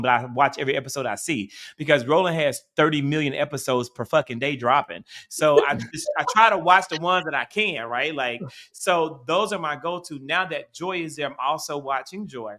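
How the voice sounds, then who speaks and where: A man's voice: fairly high pitch, sharp tone. A middle-aged man from Mississippi with a Southern accent, co-hosting a casual political chat, rambling and swearing freely. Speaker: co-host.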